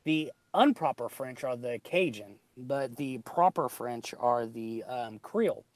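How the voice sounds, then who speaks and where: A man's voice: medium pitch, animated, unhurried, dry recording. A man with a Southern American accent, chatting casually on a podcast and rambling through many ums and restarts. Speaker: podcast co-host. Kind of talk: casual chat.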